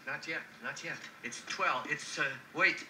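A flustered frightened prisoner. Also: male voice, on the high side, a little slow, pushed and bright. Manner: pleading, flustered. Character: frightened male prisoner, nervous and fumbling. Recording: roomy film soundtrack with background noise.

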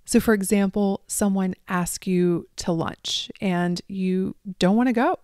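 A woman life coach hosting a solo podcast, talking straight to her listeners and dropping into soft asides. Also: mid-range voice, fairly even intonation, measured pace, clear, resonant tone, no echo, clean studio sound. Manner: addresses listeners directly, drops into soft asides.

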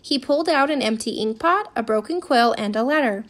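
A woman reading a children's storybook aloud with expressive, animated narration. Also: on the high side, a little fast.

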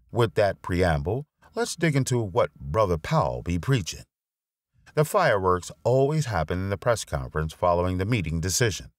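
A man reading a finance blog essay aloud as narrator, with an expressive, wry delivery on a close mic. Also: low voice, dry recording.

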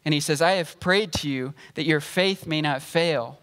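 A pastor preaching a sermon, explaining scripture and reading verses aloud in a measured way. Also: male voice, fairly high pitch, fairly bright tone, in a large hall. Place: church sanctuary.

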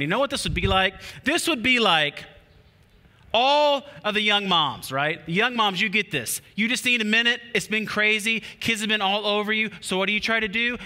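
A man preaching a sermon as a pastor, animated and repetitive, with playful asides to the congregation. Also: high voice. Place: church auditorium. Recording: long hall reverb.

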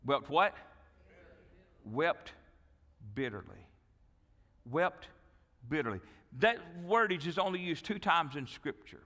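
A male pastor preaching a sermon, telling a Bible story with dramatic swings from loud, lively delivery to hushed, pleading tones. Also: on the high side, takes it slowly, long pauses, long reverb tail. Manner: dramatic storytelling, acting out Bible dialogue, dropping to hushed pleas. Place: church sanctuary.

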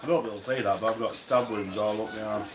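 A man's voice: lowish voice, fairly even intonation, fast. A man with an Oldham accent hosting a casual livestream, swearing and cracking jokes. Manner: sweary, joking, chatty. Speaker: livestream host. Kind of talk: casual banter. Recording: roomy echo with background noise.

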